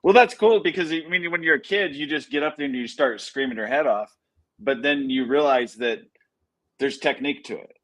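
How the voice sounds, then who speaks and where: A man's voice: medium pitch, fairly quick, fairly bright tone, rough recording. A man hosting a casual interview, enthusiastic, with short agreeing replies. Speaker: podcast host.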